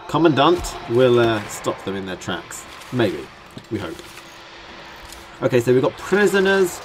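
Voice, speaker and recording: A man's voice: mid-range voice, a little hiss or hum. A young British man, a gaming channel host, giving rambling, jokey let's-play commentary while he builds in a game. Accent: British English. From Britain.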